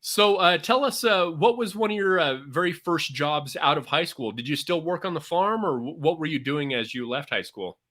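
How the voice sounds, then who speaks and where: A man hosting an interview, asking halting questions full of fillers. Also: on the high side, animated, a bit bright. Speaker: interview host.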